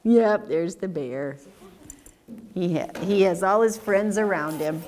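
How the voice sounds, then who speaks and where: A woman's voice: on the low side, slow. A woman reading a picture book aloud at a children's story time, asking the kids questions as she goes. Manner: animated, sing-song, asks children questions. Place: community library story time.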